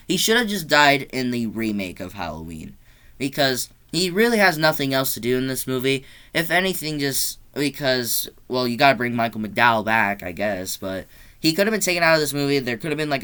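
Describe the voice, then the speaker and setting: A man reviewing a horror sequel in a casual vlog, talking bluntly and rambling, his pitch climbing when he gets exasperated. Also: sharp tone, clean tone. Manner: loose, rambling delivery with restarts. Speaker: movie reviewer.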